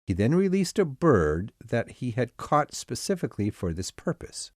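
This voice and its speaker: A man narrating an abridged audiobook of myths in an expressive storytelling manner. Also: medium pitch, moderate pace, no room sound, studio quality.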